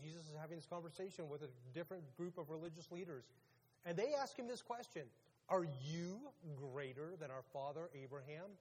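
A male pastor with a husky, somewhat high voice gives a relaxed, chatty sermon and keeps checking in with his listeners. His voice rings out with a long reverb, as in a large hall. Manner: casual, questions the audience. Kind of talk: conversational sermon.

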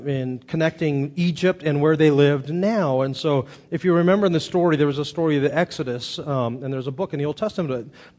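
A man's voice: a little high, darkish tone. A man in his thirties preaching a sermon as pastor, telling stories earnestly with frequent restarts.

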